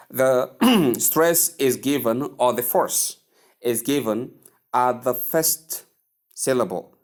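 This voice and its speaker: A man teaching English pronunciation, speaking slowly and deliberately and repeating words for learners to echo. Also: mid-range voice. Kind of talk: pronunciation lesson.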